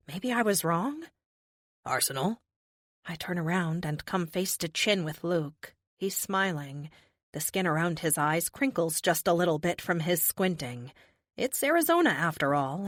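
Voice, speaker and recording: A woman's voice: lowish voice, a bit bright, no echo, studio quality. Woman narrating a wry superhero audiobook. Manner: wry, emotive first-person delivery. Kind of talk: first-person audiobook narration.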